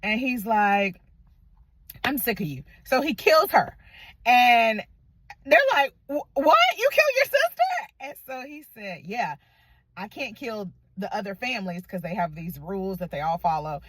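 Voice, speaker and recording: A woman giving a casual, chatty movie recap, acting out lines in quick voices and laughing often. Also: mid-range voice, expressive, a bit bright, breathy edge. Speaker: movie reviewer.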